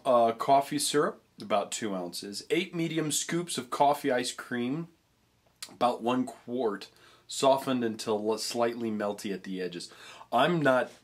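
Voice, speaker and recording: A young man chatting casually in a food review vlog, rambling with frequent restarts and stumbles. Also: medium pitch. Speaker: vlogger tasting treats.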